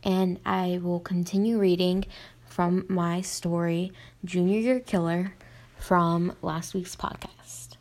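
A woman's voice: fairly low pitch, flat delivery, takes it slowly, a little mellow. A young woman reading her own story aloud on a podcast, plainly and with small slips and restarts.

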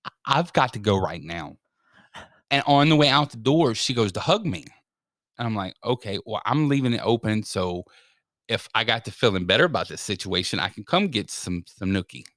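A man's voice: lowish voice, moderate pace, no room sound, studio quality. A man telling a funny story in casual chat, swearing and acting out what everyone said. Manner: animated, swearing storyteller who acts out quotes.

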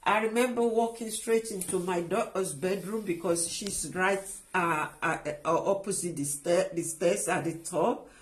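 A middle-aged woman giving an emotional personal testimony, halting and restarting often as she speaks. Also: lowish voice. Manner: halting and emotional, with many restarts and trailing phrases. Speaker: guest sharing a personal testimony.

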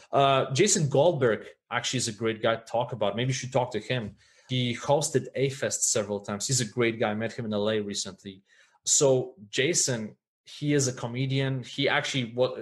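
A man's voice: mid-range voice, steady tone, normal speed. A man speaking as a podcast guest, earnest and reflective, often checking in with "right?" as he talks. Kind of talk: candid podcast conversation.

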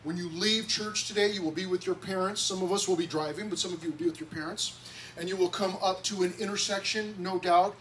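A man's voice: high-pitched, steady tone, a little fast, a bit bright. A man preaching a conversational sermon to a church congregation, sometimes acting out quoted voices. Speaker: pastor. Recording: distant mic with faint noise.

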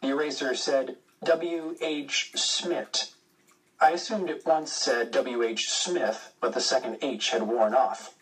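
A male audiobook narrator reading a first-person story in a steady, measured way. His voice is middling in pitch and sits a little back from the microphone. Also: distant mic, poor audio.

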